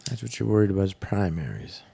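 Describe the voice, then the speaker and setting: A man's voice: sits low, sing-song, fast, creaky, dark tone, slight background noise. A man co-hosting a casual podcast, answering bluntly with short profane quips. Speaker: podcast co-host. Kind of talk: casual banter.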